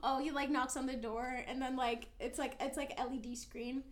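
A young woman with a high voice co-hosts a casual podcast. She reads fanfiction aloud and rambles crudely between passages. She slips into animated impressions as she goes. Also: moderate pace. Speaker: podcast co-host. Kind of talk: casual chat reading fanfiction.

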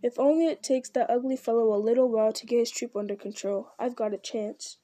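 A woman reading the part of a young male hobbit captive, quietly muttering to himself. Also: fairly high pitch, steady tone, a little fast, close to an everyday voice. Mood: hushed hope.

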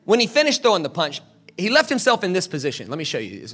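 Animated high-voiced preacher. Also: male voice, quick pace, breathy edge. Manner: animated, dramatic, with shouted peaks. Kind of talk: sermon with storytelling.

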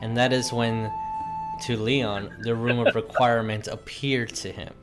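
A man narrating as game master, recapping a tabletop game session in a slow, halting way with many pauses. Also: medium pitch, little pitch movement, soft background music.

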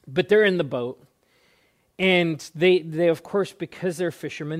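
Guy preaching a sermon, earnest and a bit high-voiced, keeps repeating words and drawing lines out. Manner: earnest, with frequent word repeats and drawn-out emphatic phrases. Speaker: pastor.

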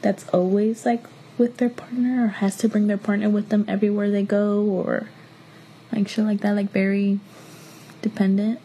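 A woman's voice: medium pitch, moderate pace, a little hiss or hum. A young woman from Miami co-hosting a podcast, telling stories in a blunt, profane way and acting out what others said. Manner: blunt, profane storytelling with animated quoted voices. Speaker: podcast co-host. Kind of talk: casual chat.

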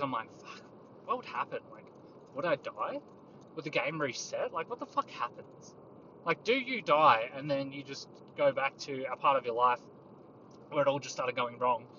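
A man's voice: medium pitch, bright, forceful tone. A tired man hosting a rambling solo podcast from his car, musing in a crude, profane, darkly joking way. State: tired, yawning. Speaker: podcast host. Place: inside a moving car on a mountain road. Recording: muffled lo-fi car recording with road noise. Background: engine and road noise.

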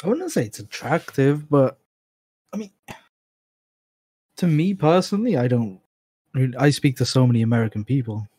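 British man, laid-back guest, husky voice, dry close mic. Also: medium pitch, lively intonation, normal speed, long pauses, a little mellow, no echo. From Britain. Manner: short, laid-back replies. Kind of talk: casual chat.

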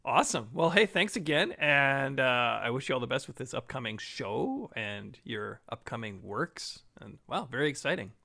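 Man, gravelly voice, podcast host, easygoing, casual interview. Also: medium pitch, lively intonation, moderate pace, few pauses, pushed and bright. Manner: easygoing, stammers on restarts.

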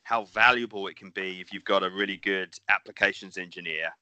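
A man's voice: deep voice, fairly quick, bright, forceful tone, clear, resonant tone. A middle-aged man with a New Zealand accent, co-hosting a casual podcast, rambling and swearing. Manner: rambling, swears, laughs often. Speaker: podcast co-host.

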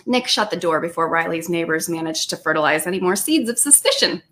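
A woman's voice: fairly low pitch, a little fast. Woman reading aloud from her novel. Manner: lively reading with laughs and self-aware asides. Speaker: author reading her own book.

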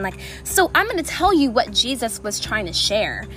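A woman's voice: a little high, sing-song, moderate pace, hardly any pauses, a bit bright. A woman hosting a casual faith podcast outdoors, chatty and enthusiastic, with many fillers. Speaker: podcast host. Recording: music playing underneath.

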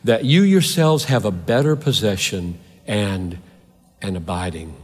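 A man preaching a sermon as a pastor, impassioned, swinging between loud emphatic peaks and quiet intensity. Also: fairly low pitch, animated, unhurried, slightly rough, long reverb tail.

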